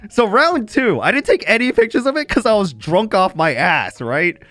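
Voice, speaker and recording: A young man with a high voice streams at a moderate pace, telling his chat a casual story. He stays animated throughout, laughing frequently and swearing freely.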